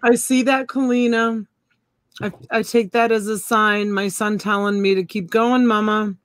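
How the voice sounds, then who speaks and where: Woman co-host, slow and sincere, mid pitch, dry and close to the mic. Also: fairly even intonation, no echo. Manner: slow, earnest, talks with her mouth full. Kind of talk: casual live-stream chat.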